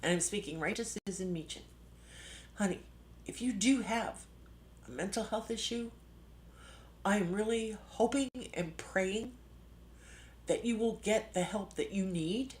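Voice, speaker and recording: A woman's voice: medium pitch, unhurried, long pauses, darkish tone, slight background noise. A middle-aged woman hosting a live stream, speaking with passionate, indignant emphasis and sudden jumps in her voice. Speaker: livestream host. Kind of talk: emotional live-stream commentary.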